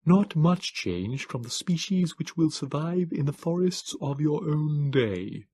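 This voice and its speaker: Frail, pedantic male Morlock, thin high voice, slow clipped delivery, slightly husky, as an audiobook narrator puts him on. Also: lively intonation, mellow, no room sound, heavily acted. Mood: lecturing. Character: frail small male Morlock, precise scholar.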